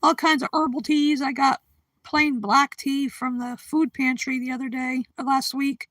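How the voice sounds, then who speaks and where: Sleepy and prone to yawns, this woman hosts a livestream, greeting viewers by name in easygoing conversation and giggling often. Her high-pitched voice stays level in tone, moves at normal speed, and sounds fairly bright with no echo.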